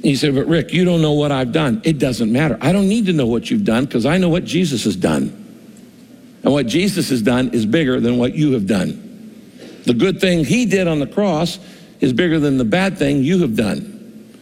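A man's voice: medium pitch, lively intonation, normal speed, darkish tone, slightly rough, in a large hall. A male pastor preaching a conversational sermon, acting out the voices of the people he quotes.

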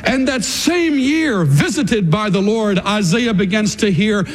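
A man preaching a sermon to his congregation in an animated, dramatic way. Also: high-pitched, unhurried. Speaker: pastor.

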